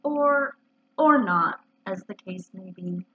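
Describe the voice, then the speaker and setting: A woman voicing a humble, simple-minded male toy bear in a storybook reading, speaking slowly and earnestly, on a dull lo-fi recording. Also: mid-range voice, expressive, pitched below the performer's own voice. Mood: wistful. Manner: slow, earnest and wistful.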